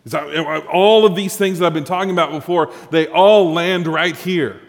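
A male pastor preaching a sermon with lively rhetorical questions to his congregation. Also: on the high side, normal speed, big-room sound.

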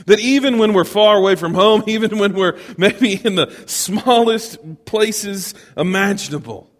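A man preaching a storytelling sermon, animated and chuckling, often asking his congregation questions. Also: fairly high pitch. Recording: long reverb of a large hall.

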